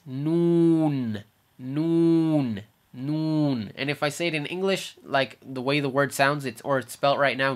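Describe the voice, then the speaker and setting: A young man giving a casual lesson on letter sounds, repeating each sound slowly to demonstrate it. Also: mid-range voice, a bit bright. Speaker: Arabic letters teacher.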